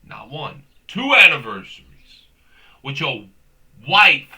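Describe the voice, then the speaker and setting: A man's voice: fairly high pitch, very animated, slow pace, bright, forceful tone. A young man hosting a comedic rant, rambling and profane, tossing in "bro" constantly. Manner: profane, rambling, slangy, says "bro" a lot. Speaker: host.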